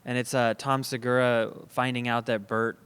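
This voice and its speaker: A man with a smooth, clear voice and an ordinary mid pitch, hosting a podcast. He chats loosely, leaning on "like" as he tells a story. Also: normal speed. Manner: relaxed, chatty, heavy use of filler "like". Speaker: podcast host. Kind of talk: casual podcast chat. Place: comedy club, indoors.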